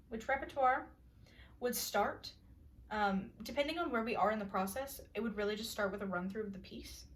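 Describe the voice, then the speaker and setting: A young woman casually explaining vocal warm-up exercises in a music lesson, chatting with fillers and singing short solfege drills. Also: a little high, far from the mic. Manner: relaxed and conversational, many fillers, breaks into sung solfege drills. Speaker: music student presenting a class project. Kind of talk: casual spoken lesson with sung demonstrations.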